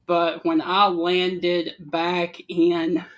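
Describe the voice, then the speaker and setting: A co-host on a laid-back talk show, this man from Alabama spins stories in a relaxed Southern accent. His high-pitched voice is monotone and very slow.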